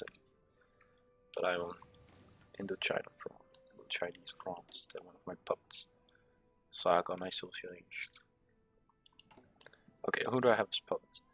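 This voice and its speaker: A man's voice: deep voice, gravelly, fairly bright tone. A man giving casual strategy game commentary, reading menu text aloud with sarcastic, muttered asides. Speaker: gameplay commentator.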